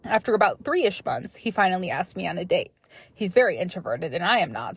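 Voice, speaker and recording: A young woman hosting a podcast, reading listener stories aloud and breaking off into chatty, animated asides. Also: fairly low pitch, a little fast, husky, no room sound. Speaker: podcast host.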